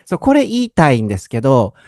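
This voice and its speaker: A young man with a lilt hosts a bilingual English lesson, chatty and quick to laugh. His delivery is rapid and swings widely in pitch. The tone is mellow and the sound dry and close. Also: no room sound. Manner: animated, chatty, laughs often, switches between Japanese and English. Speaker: English teacher and podcast host. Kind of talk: unscripted bilingual language lesson.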